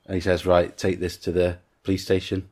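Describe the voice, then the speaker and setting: A man's voice: deep voice, monotone, a little fast, darkish tone. A man co-hosting a podcast in casual film chat, retelling scenes at length and quoting the characters' lines. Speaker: podcast co-host.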